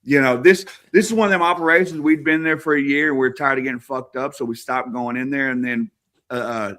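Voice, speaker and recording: A man tells stories on a casual podcast with a bright, forceful edge to his voice. He swears nearly every sentence, rambles from one tangent to the next and laughs as he goes. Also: medium pitch, steady tone, a little fast. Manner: profane, rambling, laughs often. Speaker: podcast guest. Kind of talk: casual storytelling.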